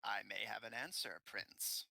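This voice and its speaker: Sly male alchemist in a tabletop game, voiced by a man; slow, teasing, gravelly. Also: lowish voice, sharp tone, no room sound, heavily acted.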